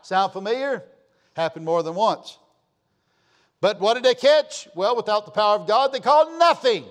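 Delivering a sermon, this older preacher speaks at a moderate pace in a high voice. He's emphatic, urging the congregation to say amen, and drops from loud outbursts into quiet phrases.

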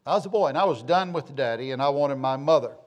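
A man's voice: mid-range voice, fast. A middle-aged man from the southern United States tells a rambling, homespun personal story with self-deprecating humor.

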